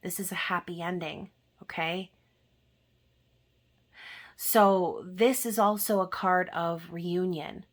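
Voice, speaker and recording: Woman, somewhat low voice, tarot reader, chatty, keeps checking in with "okay?". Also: fairly even intonation, slow pace, pauses often. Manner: conversational, often adds "okay?" at the end of a point. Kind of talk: casual tarot reading monologue.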